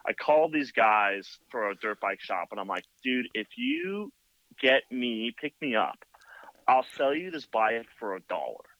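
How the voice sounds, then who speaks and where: A motorcycle builder telling a long story in casual chat, full of "like" and "you know.". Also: male voice, lowish voice, animated, normal speed, fairly bright tone, no echo. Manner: rambling, filler-heavy with many "like" and "you know". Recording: dull lo-fi, dry sound.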